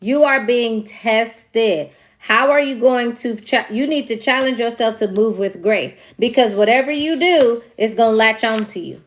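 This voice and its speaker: Young woman doing a tarot reading, kinda high voice, says the big points twice. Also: moderate pace, hardly any pauses. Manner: emphatic, repeats key phrases. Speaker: tarot reader. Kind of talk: casual tarot reading with storytelling.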